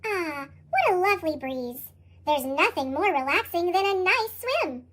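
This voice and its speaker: Olaf, a dreamy snowman, read aloud, chipmunk-pitched. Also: animated, measured pace, very noisy. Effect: sped-up chipmunk pitch shift.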